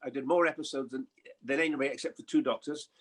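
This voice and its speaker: A man in his seventies chatting as a guest, telling lively stories with chuckles and impressions. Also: medium pitch, fast talker. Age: 70s. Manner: lively storyteller, chuckling, mimics voices. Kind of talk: anecdotal chat.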